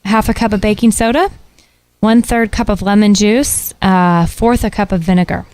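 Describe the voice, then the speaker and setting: A woman co-hosting a radio talk show in casual chat, chatty and quick to laugh. Her voice sits at a middle pitch and is recorded close and dry with no room sound. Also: fairly even intonation, darkish tone, no echo. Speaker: podcast co-host.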